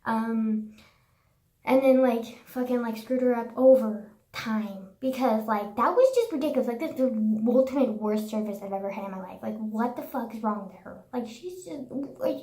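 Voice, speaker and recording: A young woman rants straight to the camera, sarcastic and profane, with "like" in nearly every phrase. Her voice sits a little high for a woman. The room around her is bare and echoey. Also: lively intonation, normal speed, mellow. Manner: profane, sarcastic, says "like" constantly. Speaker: vlogger. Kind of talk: casual ranting monologue.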